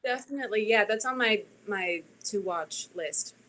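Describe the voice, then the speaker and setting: Bright-voiced woman audiobook narrator. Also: mid-range voice, normal speed, rough recording. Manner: relaxed, chatty, with restarts and soft laughs. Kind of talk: casual conversation.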